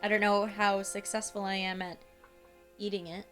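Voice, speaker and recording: A woman's voice: mid-range voice, flat delivery, normal speed, fairly bright tone, soft background music. A woman playing a tabletop game who talks in an uncertain, giggly way, full of likes and ums. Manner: giggly, uncertain, filler-heavy. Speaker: player. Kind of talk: casual tabletop play.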